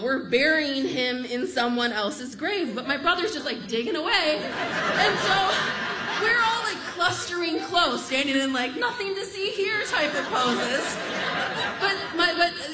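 A woman telling a true story on stage in a lively, amused, conversational way. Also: sits high.

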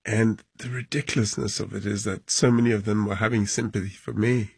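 Gravelly, husky man recalling. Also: steady tone, darkish tone, dry recording. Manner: halting and emotional, voice dropping low at times. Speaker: football club chairman. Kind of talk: recounting in a documentary interview.

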